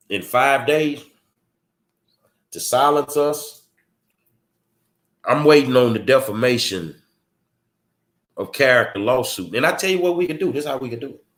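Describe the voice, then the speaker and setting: A Texan man speaking in a middle-pitched voice, delivering a confrontational monologue. He talks bluntly in a streetwise way and fires off rhetorical questions. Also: a bit bright. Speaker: political commentary host.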